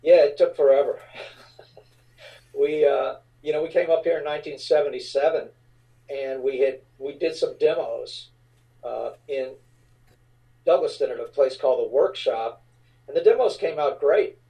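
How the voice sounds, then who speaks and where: A middle-aged man from the New Orleans area recalls his band's early days in a relaxed, rambling way, full of fillers. His voice is dark and mellow. He sits a little back from the microphone. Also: fairly high pitch, normal speed, long pauses, far from the mic, poor audio. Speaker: rock band frontman, guest. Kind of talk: casual interview storytelling.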